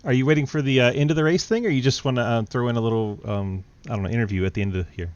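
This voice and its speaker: A man's voice: mid-range voice, rapid-fire, darkish tone, dry recording. Man, race broadcast host, teasing, casual interviews, dull lo-fi mic, dry. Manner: laid-back, teasing, laughs often.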